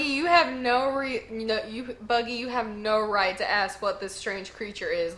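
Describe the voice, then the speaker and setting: A woman hosting a casual manga read-along, chatty and excitable, reacting to each chapter. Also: fairly high pitch, unhurried, few pauses. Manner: chatty and excitable, lots of "like" and "y'all".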